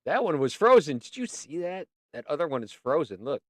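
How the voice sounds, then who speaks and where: A man's voice: on the high side, very animated, fairly quick, dry recording. A man hosting a casual livestream, chatting in a rambling, playful way and often talking to himself. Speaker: livestream host.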